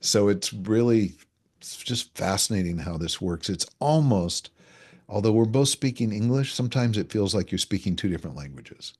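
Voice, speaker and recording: A man's voice: lowish voice, animated, normal speed, a little mellow. A man speaking as an expert guest in an interview, explaining ideas through everyday examples and acting out the voices he quotes. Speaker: relationship energetics expert guest. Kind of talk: explanatory conversational interview talk.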